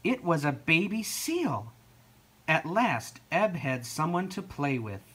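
A storyteller reading a children's picture book aloud. The delivery is slow and deliberate, with a lively, swooping intonation. Every line is shaped for young listeners. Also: mid-range voice, slightly rough.

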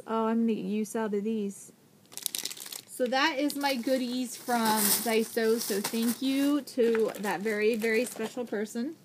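A woman in her thirties gushing with excitement as she unboxes craft supplies in a casual vlog, thanking the sender again and again. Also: a little high, background noise. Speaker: vlogger unboxing craft mail.

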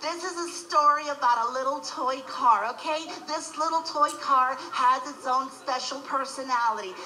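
A comedian voicing a perky young female casting director with a high chirpy put-on voice. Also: moderate pace, pushed and bright, full character voice. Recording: echoey hall with crowd laughter.

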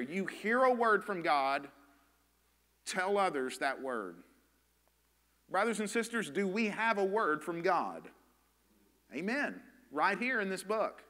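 A man's voice: sits high, pushed and bright. A man with a Southern US accent, preaching a sermon as pastor in an earnest, emphatic way, with rhetorical questions to his congregation. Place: church sanctuary. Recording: long hall reverb in a church.

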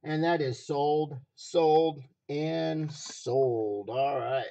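A hoarse man running a live stream auction, repeating phrases as he hypes each item from a basement room. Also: fairly high pitch, drawn-out words, dark tone.

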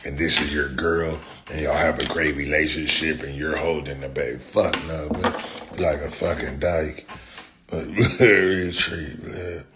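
A man's voice: a bass voice, fairly even intonation, measured pace, noisy background. A young man in a profane, taunting rant, repeating his insults over and over. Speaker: social media commenter. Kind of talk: angry rant.

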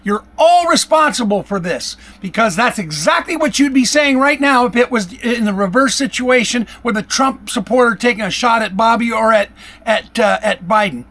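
A man from Michigan, a vlogger, delivers a heated, yelling, accusatory political rant straight to his camera. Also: very high voice, lively intonation, moderate pace. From Michigan, USA. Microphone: camera-facing, self-recorded.

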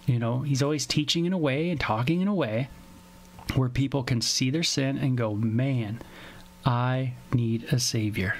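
A man's voice: mid-range voice, fairly quick, a little hiss or hum. A man giving a casual, conversational Bible teaching from home, now and then acting out short scenes in other voices. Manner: conversational, acts out little skits with voices.

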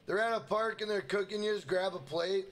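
This young Minnesotan man speaks a little fast in a high register while live streaming a game. He chats casually, swears freely, and hypes up his chat, shouting out its members.

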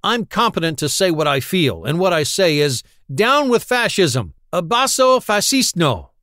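A man doing a frantic French pacifist, shouting. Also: fairly high pitch, lively intonation, moderate pace, no room sound, studio quality. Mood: ranting. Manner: shouting, agitated. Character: frantic French male pacifist ranting at soldiers.

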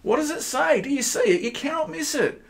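An Australian man preaching a sermon, animated and emphatic, firing rhetorical questions at his listeners. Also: fairly quick, gravelly. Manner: animated, with sudden jumps in pitch and loudness. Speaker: pastor.

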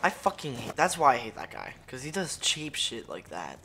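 A gamer doing live gameplay commentary, ranting profanely at the match and bursting into excited yelling. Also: mid-range voice, normal speed, slight background noise. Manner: profane, frustrated ranting at the game.

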